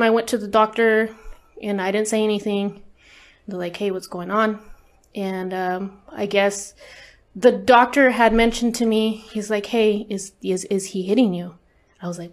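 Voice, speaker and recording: As an interview guest, a woman shares a personal story in a mid-range voice, steady in tone and at normal speed. She speaks candidly and casually, with regular swearing and many fillers.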